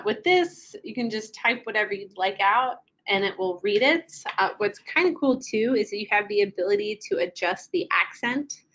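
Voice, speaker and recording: A woman giving a casual software training walkthrough, filling her pauses with ums while she clicks through settings. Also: medium pitch, muffled recording. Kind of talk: screen-share product walkthrough.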